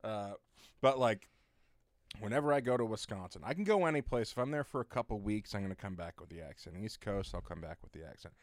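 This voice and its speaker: A man's voice: on the low side, lively intonation, fast, dry recording, studio quality. A man co-hosting a casual comedy podcast who laughs often and tells anecdotes. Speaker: podcast co-host.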